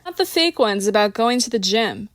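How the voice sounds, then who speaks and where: A woman's voice: fairly high pitch, animated, moderate pace, dry recording, studio quality, close to an everyday voice. A woman voicing a bossy, theatrical woman who runs the group game. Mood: commanding. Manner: theatrical, commanding. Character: bossy, warm ringleader woman.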